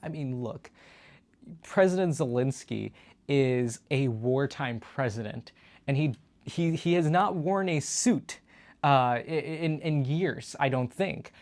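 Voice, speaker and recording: A man's voice: mid-range voice, lively intonation, slow, darkish tone. A man hosting his own show, giving casual political news commentary in a conversational way with frequent fillers and restarts. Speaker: show host.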